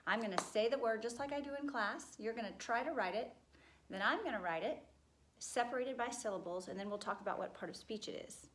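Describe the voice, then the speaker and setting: A woman teaching children a spelling lesson, cheerful and encouraging, spelling words out slowly. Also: a little high, echoey room.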